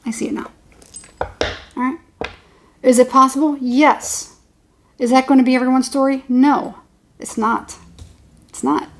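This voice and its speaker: A woman with a high, light voice talks through a tarot reading in a loose, casual way. She rambles and circles back to the same points again and again, often laughing. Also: steady tone, unhurried, pauses often. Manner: chatty, rambling, repeats herself, laughs often. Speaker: tarot reader.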